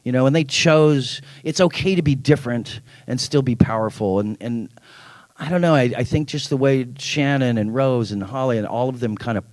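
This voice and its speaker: A middle-aged man, an actor at a convention panel, telling anecdotes in an animated way, acting out quoted lines and laughing often. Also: mid-range voice, moderate pace, dry recording.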